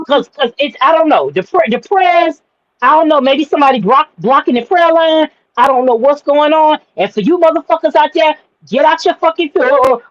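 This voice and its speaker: Brash, high-voiced profane woman. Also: dry recording, highs cut off. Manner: brash, profane, rambling with repeats. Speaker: podcast co-host. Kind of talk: casual profane chat.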